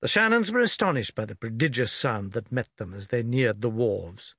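A man reading a novel aloud as an audiobook, in a measured, expressive storytelling manner. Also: medium pitch, dry recording, clean studio sound. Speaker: audiobook reader. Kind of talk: scripted audiobook narration.

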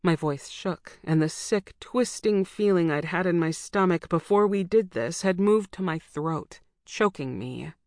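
A woman narrates a first-person audiobook with intensity and emotion. Her voice is low. The recording is dry and close. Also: measured pace, few pauses, a little mellow, no room sound.

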